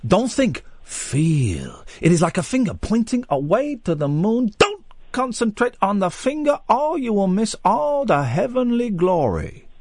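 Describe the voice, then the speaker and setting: A radio host putting on an impression of a calm, solemn male martial arts master, speaking slowly in a higher voice than his own. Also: dry recording, studio quality, full character voice.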